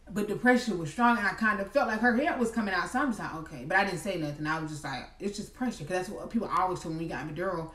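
Chatty young woman in an echoey room. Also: lowish voice. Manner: chatty, animated, addresses viewers as y'all. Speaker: vlogger. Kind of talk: storytime vlog. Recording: echoey room, mic at a distance.

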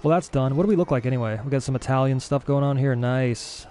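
A young man giving casual let's-play commentary as a gaming streamer, excitable and easily frustrated. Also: medium pitch, fast, soft background music. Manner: excitable, frustrated, swears mildly.

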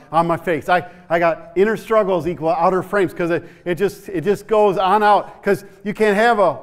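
Middle-aged man, pastor mid-sermon; storytelling, stammered repeats, climbs to loud, higher-pitched peaks. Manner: storytelling preacher, repeats words, rises to shouts. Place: church.

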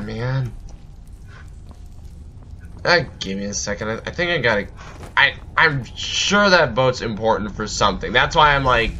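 A man's voice: on the low side, bright, forceful tone, a little hiss or hum. A man giving goofy, rambling let's play commentary with sudden outbursts while he plays. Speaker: gameplay commentator.

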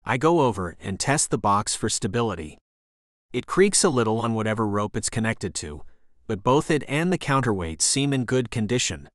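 A male audiobook narrator reads a romance thriller in the first person with lively, expressive pitch. His delivery is dramatic, and the recording is dry and close-miked. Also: normal speed, dry recording.

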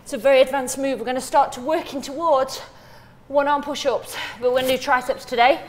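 A woman's voice: high-pitched, steady tone, a little fast. A woman fitness instructor coaching a workout while doing it herself, counting reps and calling out moves, a little out of breath.

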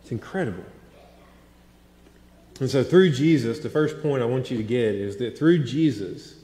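A man in his thirties preaching a sermon, telling stories with animated swings between loud and hushed delivery. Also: mid-range voice, normal speed. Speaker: pastor. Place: large church sanctuary. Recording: echoey hall with long reverb.

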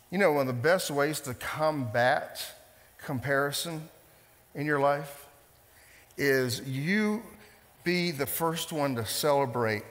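Male pastor, sermon, emphatic, repeats lines, asks the room questions, slightly high voice, reverberant church hall. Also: fairly bright tone. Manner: emphatic preacher, repeats phrases, questions the congregation.

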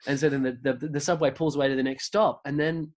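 A man's voice: a little high, fairly even intonation, fast talker, darkish tone. Rambling Australian man telling stories. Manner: rambling storyteller, many restarts. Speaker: podcast creator, guest. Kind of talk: casual interview chat.

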